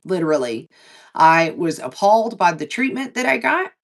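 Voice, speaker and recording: A woman's voice: moderate pace, gravelly, recorded from a distance. A woman chatting casually and telling a long story, acting out what people said and swearing freely. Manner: animated, swearing, acts out dialogue in lowered and raised voices. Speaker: livestream co-host.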